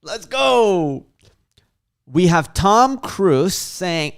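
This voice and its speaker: A man's voice: on the high side, expressive, moderate pace. A man from Chicago hosting a casual livestream and reading viewer comments aloud with lots of hype. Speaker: livestream host.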